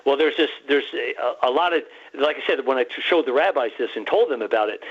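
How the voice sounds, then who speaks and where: A man telling an excited, rambling story on a radio talk show, restarting often and quoting himself and others. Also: medium pitch, fairly quick, hardly any pauses, husky. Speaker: guest researcher. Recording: muffled phone-line call-in.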